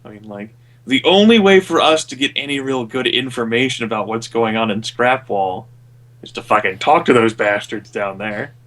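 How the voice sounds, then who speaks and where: A man at a tabletop game session, talking loosely and at length in a mid-pitched voice. His speech wanders, packed with fillers and the odd curse, in relaxed out-of-character chat. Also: moderate pace. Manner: rambling, full of filler words and swearing. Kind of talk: casual out-of-character table talk.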